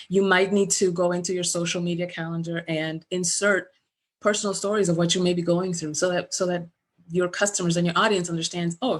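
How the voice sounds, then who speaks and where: Middle-aged woman, business coach, chatty webinar delivery on a webcam, animated storyteller. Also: on the low side. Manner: animated storyteller, acts out remembered dialogue. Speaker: business coach presenting at a virtual summit. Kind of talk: conversational webinar presentation.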